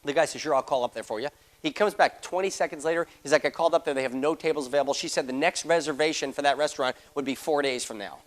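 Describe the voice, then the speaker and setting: A middle-aged man giving a motivational seminar, telling a story fast and acting out the voices of the people in it. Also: a little high. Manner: rapid-fire, acts out quoted voices. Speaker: motivational speaker.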